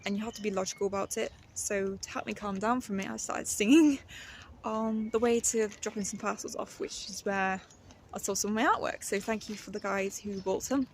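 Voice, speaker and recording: A woman, chatting casually in her vlog and laughing often as she talks herself calm. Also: medium pitch, fairly quick, a little hiss or hum. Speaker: artist vlogger. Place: outdoors on a walk, then at home.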